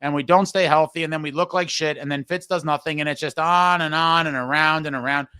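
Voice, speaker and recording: A man's voice: a little high, steady tone, fairly quick, bright, forceful tone, clear, resonant tone, dry recording. A man hosting a live fan show and reading viewer comments aloud, blunt and frustrated and swearing casually. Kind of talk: casual live-stream talk.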